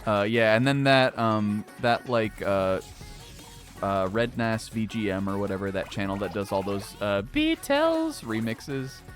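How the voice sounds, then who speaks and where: A man's voice: fairly low pitch, animated, a little slow. A man streaming a video game in a casual, rambling way, swearing often and laughing a lot. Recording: faint game music behind.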